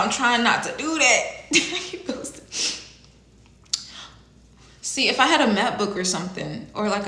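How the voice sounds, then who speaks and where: A woman's voice: medium pitch, sharp tone, echoey room. A young woman chatting on a livestream, rambling and swearing, with frequent laughs. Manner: rambling, profane, slangy, laughs often. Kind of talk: casual livestream chat.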